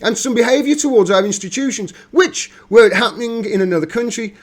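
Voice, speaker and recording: Male streamer, high-pitched for a man, reads political news then riffs on it with mocking asides; host energy. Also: a little fast. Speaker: political commentary livestreamer. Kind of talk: reading news aloud with sarcastic commentary.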